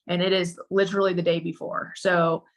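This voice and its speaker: Guest mother, woman, halting and emotional, lots of restarts. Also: lowish voice, little pitch movement. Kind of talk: emotional personal storytelling.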